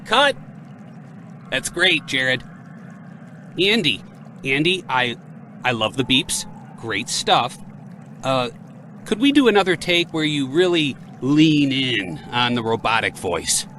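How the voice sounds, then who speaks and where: A man's voice: medium pitch, sing-song, pushed and bright, a little hiss or hum, full character voice. An actor playing an effusive male film director who gushes praise and gives notes. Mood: enthusiastic. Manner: gushing, fast to praise and direct. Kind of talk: audio drama acting.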